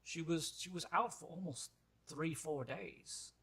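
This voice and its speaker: A high, bright, courtly old miner with a gray beard, full of formal and old-fashioned manners, as a game master puts him on. He is polite and a little pompous, and he sounds old in the tooth. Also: unhurried, vocal fry, full character voice. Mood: earnest.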